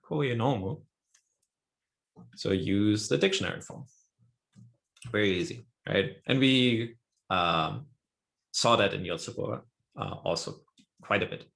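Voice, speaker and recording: Slow, gravelly man teaching a lesson. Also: on the low side, fairly bright tone. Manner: patient step-by-step explaining, often checking with "right?". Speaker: Japanese teacher. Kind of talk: online language lesson.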